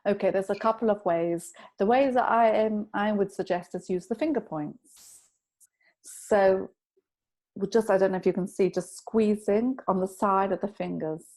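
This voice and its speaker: A woman guest on a podcast, calmly explaining a self-help technique and telling anecdotes in an instructive way. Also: mid-range voice, moderate pace. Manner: calm, instructive, tells anecdotes. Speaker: EFT tapping practitioner, guest. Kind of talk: explaining in an interview.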